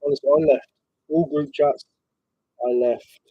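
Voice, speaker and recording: A man's voice: on the high side, fairly even intonation, unhurried, husky, dry recording, phone-quality sound. A man and reseller streamer rambling casually, bantering with viewers and swearing as he sorts his listings. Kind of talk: casual live-stream chat.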